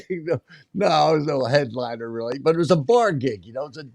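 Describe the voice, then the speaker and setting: A man's voice: a little high, expressive, moderate pace, creaky, a little mellow. Rambling, chuckling comedian man. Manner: rambling, chuckling between lines. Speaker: podcast guest, comedian. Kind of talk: casual comedy storytelling.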